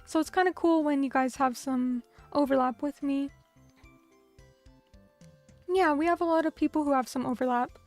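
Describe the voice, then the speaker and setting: A woman's voice: high-pitched, moderate pace, pauses often, darkish tone, faint music behind. A young woman streaming, chatting casually with her viewers and reacting to their comments in a bubbly, chatty way. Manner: bubbly and chatty, reading out chat comments, many fillers.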